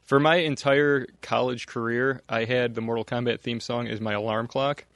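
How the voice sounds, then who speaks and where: A young man co-hosting a podcast, joking in a deadpan way and swearing freely as he banters about movies. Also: medium pitch, moderate pace. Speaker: podcast co-host.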